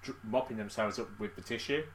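A man's voice: fairly low pitch, fairly quick. A man co-hosting a podcast, blunt and jokey, swearing freely in crude banter. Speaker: podcast co-host.

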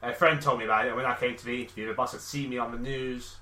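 A man co-hosting a casual podcast, reading out a story with dry, deadpan asides. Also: mid-range voice, racing, echoey room, low-quality recording. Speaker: podcast co-host.

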